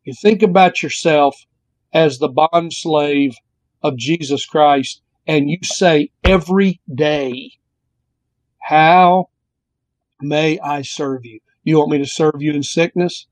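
A man's voice: on the high side, measured pace, no echo, low-quality recording. A man preaching a sermon as pastor, earnest and repetitive, stretching out key words for emphasis.

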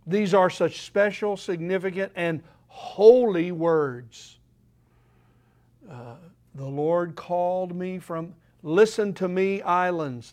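With a high voice, an elderly preacher addresses his congregation, posing questions as he moves between booming proclamations and hushed side remarks.

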